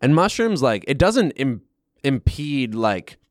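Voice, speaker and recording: A man in casual podcast chat, a rambling, animated storyteller who leans heavily on fillers. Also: mid-range voice, slow, no echo, clean studio sound.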